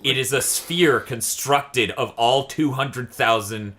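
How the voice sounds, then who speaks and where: A man's voice: medium pitch, slow. A young man co-hosting a casual gaming podcast, tired and swearing freely. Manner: swearing, tired, animated when excited. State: exhausted. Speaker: podcast co-host.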